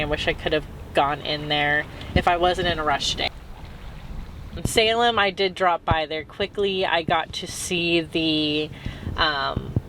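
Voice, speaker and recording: Against a noisy background, a woman with a fairly low voice recaps her travels as a travel vlogger. She's chatty and rambling, casual throughout, and fills her talk with lots of "um"s and "like"s.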